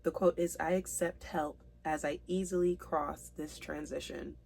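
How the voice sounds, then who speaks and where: A woman giving a spiritual tarot reading to her viewers, earnest and emotional, reading card meanings aloud slowly. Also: low voice, steady tone, vocal fry, darkish tone, a little hiss or hum. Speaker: tarot reader.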